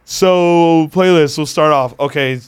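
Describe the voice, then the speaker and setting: A man's voice: a little high, takes it slowly, clear, resonant tone. A man hosting a podcast in loose, joking chat, laughing often and swearing freely. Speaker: podcast host.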